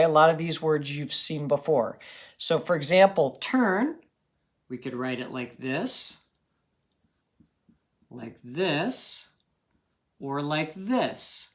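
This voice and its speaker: A man teaching a phonics lesson to children, patient and encouraging, checking in often with "okay?". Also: on the high side.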